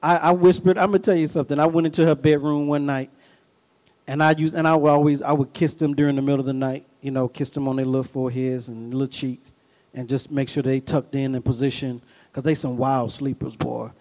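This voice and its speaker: A man's voice: medium pitch, flat delivery, brisk, darkish tone, low-quality recording. A middle-aged man preaching a sermon as pastor. He tells folksy stories with call-and-response asides and rises into bursts of emphasis.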